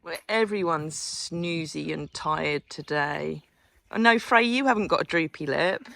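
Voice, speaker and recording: A woman's voice: low-pitched, a little slow, gravelly, a bit bright, no room sound. A woman running a horse sanctuary, chatting in a teasing, laughing way while out at the farm. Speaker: sanctuary owner and vlogger. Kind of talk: casual chat. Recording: noisy outdoor recording.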